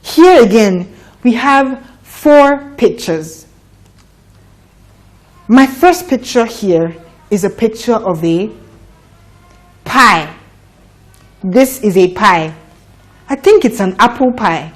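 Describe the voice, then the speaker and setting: Slow, patient woman teaching phonics. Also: fairly high pitch. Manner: patient and encouraging, drawing out sounds. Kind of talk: slow, clear classroom teaching to children.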